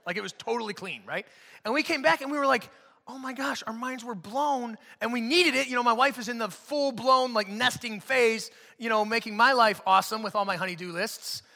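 A man in his thirties preaching a sermon in a church, animated and joking, acting out quotes. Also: very high voice, fairly quick, vocal fry, in a large hall. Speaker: pastor. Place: church auditorium.

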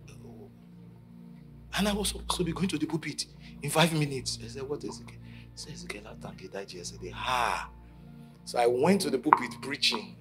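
A man preaching a sermon at a conference, telling stories and acting out the quotes, from shouting to near whispers. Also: a little high. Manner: dramatic storytelling, acting out quotes, swinging from shouts to hushed lines. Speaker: pastor. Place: conference stage.

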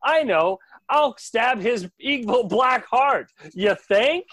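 A man voicing an earnest, excitable teenage boy hero who yells in a high voice. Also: slow pace, no room sound, clean studio sound, exaggerated voice. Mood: yelling.

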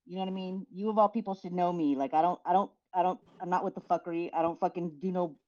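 A woman's voice: lowish voice, steady tone, fast, a little mellow. Blunt swearing woman on a dull voice chat. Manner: blunt, heavy swearing, defensive. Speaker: group chat member. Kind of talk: casual group voice chat.

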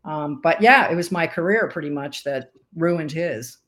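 Animated woman in her sixties telling stories. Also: deep voice, normal speed. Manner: animated storyteller who acts out quoted voices. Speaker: podcast guest. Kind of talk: storytelling interview chat.

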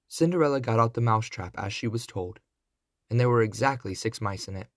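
A man reading a classic fairy tale aloud, in a deliberate storybook narration. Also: on the low side, no room sound, clean studio sound.

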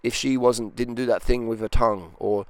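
A man's voice: mid-range voice, steady tone, normal speed, a little mellow, clean tone, no room sound. A man giving blunt dating advice in a rambling casual monologue, often acting out quoted voices.

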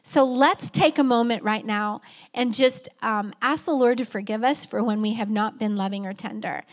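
A middle-aged woman pastor delivers a heartfelt sermon in a church sanctuary, and her voice sits a little higher than most. She talks in a warm, conversational way, addressing the congregation directly with a casual "y'all". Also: normal speed.

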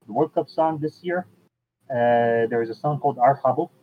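Man, casual chat host, medium pitch, unhurried, lots of "uh", tinny phone-line sound. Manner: unhurried, fills pauses with "uh" and restarts. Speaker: podcast host.

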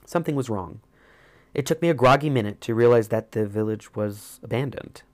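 A man reading a first-person story as an audiobook narrator, in a measured, reflective way. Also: medium pitch, a little mellow.

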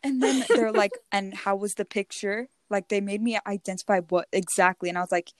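A teenage girl telling a story in casual chat, animated and often laughing as she quotes others. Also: mid-range voice, fairly quick, no echo. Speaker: podcast co-host.

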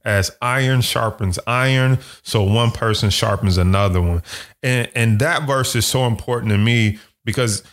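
A man's voice: medium pitch, normal speed. Easygoing male podcast guest. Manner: easygoing, laughs often, relaxed slang. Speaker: podcast guest, trader and coach. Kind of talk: casual podcast conversation.

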